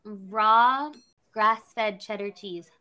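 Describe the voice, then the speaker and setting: A woman's voice: mid-range voice, extremely slow, sharp tone. A woman co-hosting a podcast in casual, playful chat while eating a snack. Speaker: podcast co-host.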